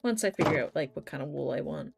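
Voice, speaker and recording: A woman's voice: low-pitched, expressive, fast, gravelly, background noise. A young woman chatting casually while she plays a game on a live stream, telling stories animatedly and swearing now and then.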